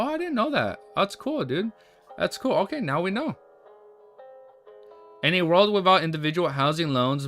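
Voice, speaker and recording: A male livestreamer reading a novel aloud to his chat, breaking off into excited, chatty reactions between passages. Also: medium pitch. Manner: reads narration steadily, then breaks off into excited chatty reactions.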